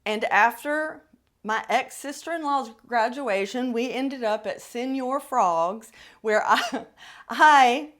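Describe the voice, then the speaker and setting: Slow, lively-voiced woman storyteller. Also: fairly high pitch. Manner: candid, wry, drawn-out storytelling. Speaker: podcast host. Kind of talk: personal storytelling.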